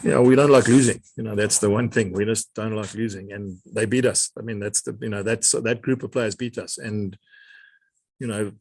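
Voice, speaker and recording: A middle-aged man, a rugby coach answering reporters' questions in a measured way, often repeating words as he searches for them. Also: on the low side, steady tone, creaky, darkish tone, breathy edge, no room sound. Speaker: rugby coach at a press conference. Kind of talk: press conference answers.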